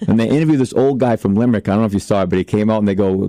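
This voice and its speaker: A man's voice: on the low side, very fast, dry recording. A man, telling comic stories on a radio show and jumping into character voices. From Maine. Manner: animated, switches into character voices. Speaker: comedian guest. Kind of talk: casual radio storytelling. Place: radio studio.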